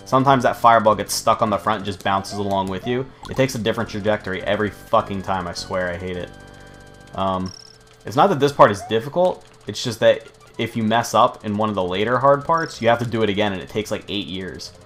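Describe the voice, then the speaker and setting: A man's voice: lowish voice, a little fast, fairly bright tone, soft background music. A young man rambling and swearing freely while commenting on his gameplay. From United States. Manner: rambling, profane, chatty. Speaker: let's play host.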